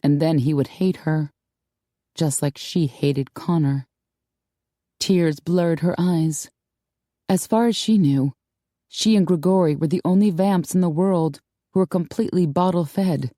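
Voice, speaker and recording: A woman narrating an audiobook in a calm, measured storytelling manner, close to a studio mic. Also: sits low, no room sound. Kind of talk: scripted narration.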